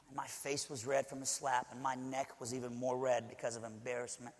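A man's voice: medium pitch, level tone, fast talker, hardly any pauses. A male preacher from Alabama telling a personal story in a sermon, talking conversationally with frequent asides to the audience. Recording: long hall reverb.

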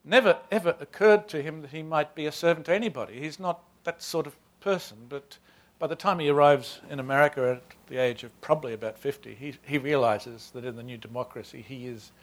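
A man in his sixties from Australia with an Australian accent, a novelist talking before a reading in a halting, self-deprecating way with many restarts. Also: on the high side. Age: 60s. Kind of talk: author talk before a reading.

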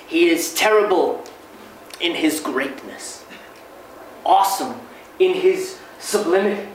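A man reading the part of a gentle, loving old monk elder in a slow, tender, solemn way. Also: on the high side, a little hiss or hum. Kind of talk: dramatic reading. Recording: echoey room, mic far off.

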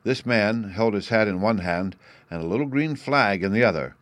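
A man reading a classic novel aloud as narrator, in a measured storytelling manner. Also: lowish voice, no echo.

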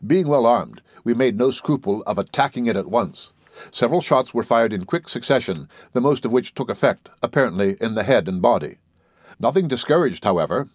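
A man giving a steady, measured scripted narration of a classic novel as an audiobook reader. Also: mid-range voice, dry recording, clean studio sound.

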